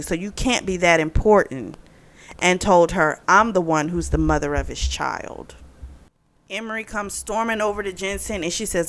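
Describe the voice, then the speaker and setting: A woman's voice: lowish voice, a bit bright. A woman casually recapping a romance novel for her book channel, chatty and full of fillers. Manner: chatty, retells plot with many fillers. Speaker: book reviewer.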